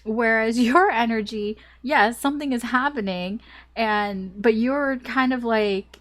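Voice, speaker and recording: A woman's voice: fairly high pitch, a little slow, a bit bright. A young woman doing a casual tarot reading, chatty and rambling with lots of "like" and small laughs, a little choked up with a cough. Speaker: tarot reader.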